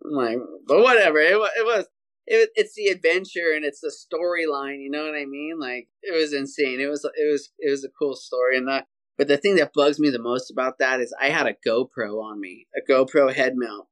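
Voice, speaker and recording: Animated man telling a story over a video call. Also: on the high side, brisk. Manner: animated, energetic storyteller, says "dude" often. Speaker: podcast guest, hunter. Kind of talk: casual storytelling interview.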